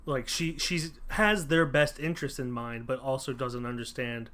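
A man's voice: mid-range voice, steady tone, normal speed, bright, forceful tone. Chatty man reviewing a film. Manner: thoughtful, many fillers and restarts. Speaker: podcast co-host reviewing a film. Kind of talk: casual chat.

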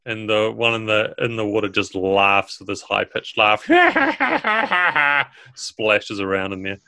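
A man narrating as game master of a tabletop game, relaxed with fillers. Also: on the low side, moderate pace, clean tone, dry recording.

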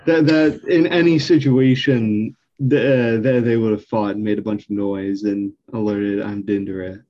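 A man's voice: mid-range voice, fairly even intonation, unhurried, dull audio. A man playing in a tabletop game, chatting in a hesitant way. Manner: hesitant, restarting. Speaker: player. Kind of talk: casual chat.

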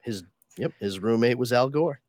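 A man co-hosting a podcast in casual chat, telling stories with a lot of swearing and quick put-on voices. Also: medium pitch, darkish tone, no echo, studio quality. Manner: chatty storyteller, swears, puts on voices in anecdotes. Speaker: podcast co-host.

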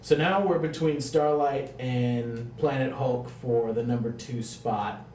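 A man hosting a casual comics podcast, steering the talk in a measured, orderly way from a room in a house. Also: mid-range voice, a little mellow. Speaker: podcast host. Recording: roomy, distant mic, faint hiss.

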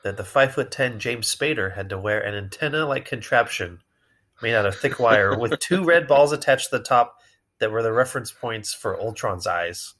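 A man's voice: medium pitch, expressive, moderate pace, fairly bright tone. Laughing man sharing movie trivia. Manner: laughs often, shares trivia. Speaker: podcast co-host. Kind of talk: casual chat.

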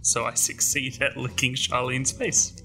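A man's voice: medium pitch, little pitch movement, unhurried, sharp tone, faint music behind, low-quality recording. A man playing a tabletop game, talking in a playful way. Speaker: player.

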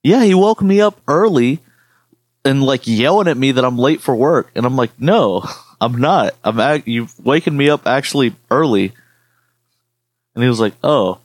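A man's voice: medium pitch, expressive, normal speed, dry recording. A man co-hosting a podcast, telling rambling stories in casual chat with lots of swearing. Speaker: podcast co-host.

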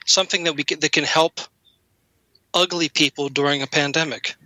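A man's voice: on the high side, fairly even intonation, moderate pace, sharp tone, no echo, poor audio. A man co-hosting a podcast, rambling casually and acting out silly bits in voices. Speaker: podcast co-host. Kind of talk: casual comedic chat.

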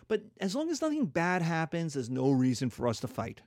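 A man's voice: fairly high pitch, very animated, normal speed, hardly any pauses, no room sound, studio quality. A man giving a playful history lecture, acting out countries in silly voices.

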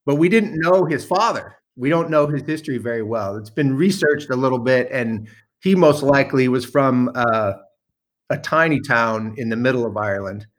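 A man telling a self-deprecating story in casual chat, animated and a bit profane. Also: medium pitch, normal speed. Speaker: guest storyteller.

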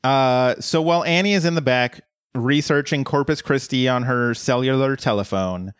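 Halting man from Colorado, dry mic. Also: medium pitch, fairly even intonation, clean tone, dry recording. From Colorado, USA. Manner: halting, filler-heavy, self-deprecating. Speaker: podcast co-host. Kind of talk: casual episode recap chat.

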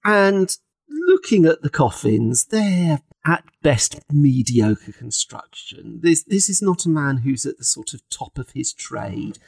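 A woman's voice: sits low, slow, creaky, breathy edge, dry recording. A British woman running a tabletop game as game master, narrating with wry humour. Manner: wry, chuckling, lively narration.

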